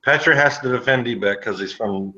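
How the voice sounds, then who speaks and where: A man's voice: mid-range voice, normal speed, pushed and bright. A man with a mid-range voice throws back dry, sarcastic jabs in an online voice chat. He talks casually, and his voice sounds muffled through lo-fi chat audio. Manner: sarcastic, trades insults. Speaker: voice chat participant.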